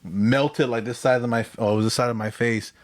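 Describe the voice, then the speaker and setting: A man's voice: mid-range voice, steady tone, brisk, slight background noise. A young man, telling profane stories with lots of laughter as a podcast co-host. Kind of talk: casual chat.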